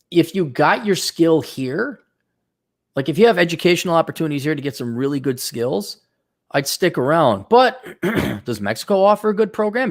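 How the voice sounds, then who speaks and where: A middle-aged man hosting a show, giving blunt, profane, lively advice in an unscripted monologue. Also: a little high.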